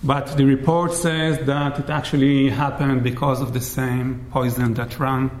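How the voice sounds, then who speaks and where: A man giving an academic lecture in a measured way, often checking in with "right?". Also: medium pitch, level tone. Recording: roomy echo.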